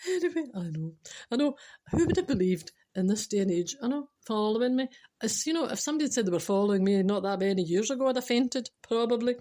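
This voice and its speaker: A woman's voice: a little high, lively intonation, quick pace, mellow. An older woman with a Scottish accent hosting a podcast, rambling chattily through jokes without a script and laughing at her own punchlines. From Scotland. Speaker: podcast host. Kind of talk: unscripted joke-telling podcast.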